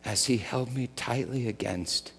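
A middle-aged man from the United States preaching a sermon, telling stories and swinging between loud excitement and a soft hush. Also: medium pitch, a little slow, vocal fry, breathy edge. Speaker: pastor. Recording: long hall reverb.

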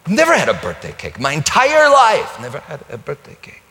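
A woman's voice: sits low, wildly swooping pitch, fairly quick, a bit bright, voice pushed up, heavily acted. A man voicing a weary woman of the night about to turn thirty-nine, pleading and hurt. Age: 30s. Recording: long hall reverb.

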